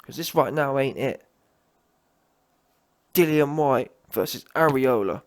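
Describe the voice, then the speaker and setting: A man's voice: medium pitch, lively intonation, takes it slowly. A man giving a heated, emphatic solo rant as a boxing commentator, often breaking off and restarting his sentences.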